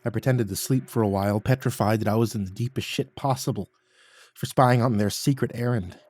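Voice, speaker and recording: A man narrating a first-person horror story in a measured, hushed manner, often dropping quiet. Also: fairly low pitch.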